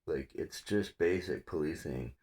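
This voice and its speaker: A man's voice: a bass voice, measured pace. A man telling a story in a loose, casual way, swearing freely and acting out the other people's lines. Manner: profane, animated, acts out others' lines.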